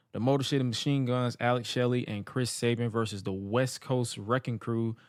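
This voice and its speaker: A man's voice: medium pitch, smooth, no echo, studio quality. A man co-hosting a podcast, chatting casually about wrestling, loose and rambling, tripping over names. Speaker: podcast co-host.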